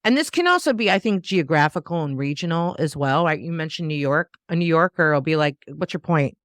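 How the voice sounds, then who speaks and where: A woman's voice: low voice, expressive, a little fast, no echo, clean studio sound. A woman hosting a podcast, chatting casually and acting out quoted voices with animation. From American South. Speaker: podcast host. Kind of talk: casual interview chat.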